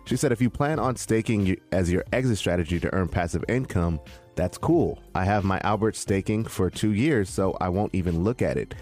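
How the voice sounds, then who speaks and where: A man co-hosting a casual crypto talk show, talking in an animated, preachy way and acting out quotes in a raised voice. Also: deep voice, brisk, faint music behind. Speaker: crypto podcast co-host. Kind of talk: casual chat.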